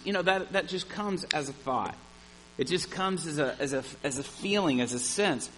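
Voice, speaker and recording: A man preaching a sermon, telling a story with animated energy. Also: high voice, unhurried, slight background noise, low-quality recording. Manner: animated storyteller, shouts at the climax.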